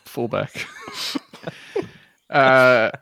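A man with an Australian accent hosting a comedy podcast, reading news items in a deadpan, jokey way with quick asides. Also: medium pitch, vocal fry, smooth, dry recording, clean studio sound. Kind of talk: casual comedic podcast banter.

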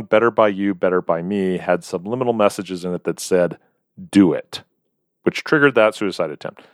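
A man's voice: low voice, dry recording, clean studio sound. A man co-hosting a podcast, chatting casually and wryly reading out a list of listener names. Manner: wry, reads out a long list of names. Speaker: podcast co-host. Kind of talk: casual chat.

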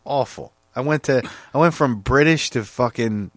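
A man's voice: medium pitch, moderate pace, no room sound. A man co-hosting a casual podcast, swearing freely and laughing often as he banters. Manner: laughing often, profane, lively. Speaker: podcast co-host.

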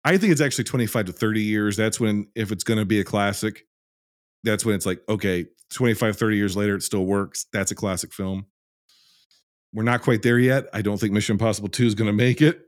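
A man's voice: fairly low pitch, fairly quick, no echo, studio quality. A man hosting a film review podcast in casual chat, with a profane, ranting, sardonic way of talking. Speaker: podcast host reviewing films.

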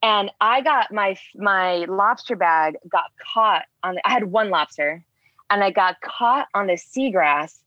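A woman's voice: mid-range voice, a little slow, no room sound. Chatty woman telling a story, dull dry sound. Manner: rambling with many "like" fillers, animated retelling. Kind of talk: casual storytelling.

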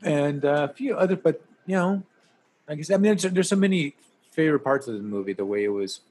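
A man chatting casually about a movie, relaxed and rambling, with a slightly husky voice. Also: a little high, fairly quick. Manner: relaxed, rambling, many fillers.

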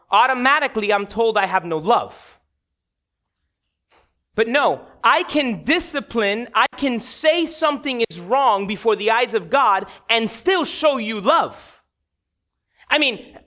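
Preaching to his congregation, a male pastor uses an extremely high, pushed, bright voice. He recounts a personal story with candid humor and talks directly to the people in front of him.

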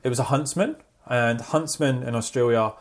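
Mid-pitched male voice sitting in the middle of the range. He co-hosts a relaxed chat and tells stories with lively energy, often tagging on "right?" as he goes. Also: normal speed. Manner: animated storyteller, repeats "right?". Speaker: podcast co-host. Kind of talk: casual chat.

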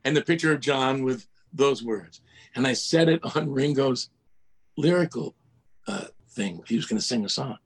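An older man with a husky, breathy voice tells lively anecdotes as a guest on a video call. He slips in quick impressions of the people in his stories and laughs at himself as he goes. His pitch sits at an ordinary middle for a man. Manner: animated storyteller, mimics voices, laughs at himself. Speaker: guest, music producer. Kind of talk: casual storytelling interview.

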